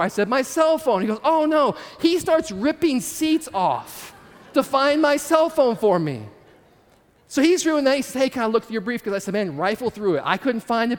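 In a storytelling sermon, a very high-pitched man recounts a personal story, his voice carrying a long reverb tail. He keeps it casual and conversational, addressing the audience with occasional asides.

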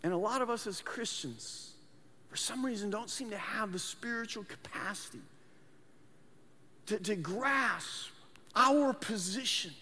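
A man's voice: high-pitched, a little slow, pushed and bright, slight background noise. A man preaching a sermon as pastor, earnest, often repeating words as he restarts his phrases. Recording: long hall reverb.

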